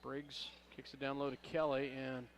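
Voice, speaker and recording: A man announcing a high school basketball game play-by-play, calling passes quickly and rising on big plays. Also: little pitch movement, slight background noise. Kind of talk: local radio basketball commentary.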